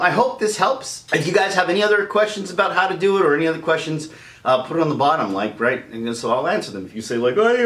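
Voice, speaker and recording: A man's voice: on the high side, a bit bright, echoey room. A man teaching voice impressions in a casual, chatty video tutorial, laughing often as he talks.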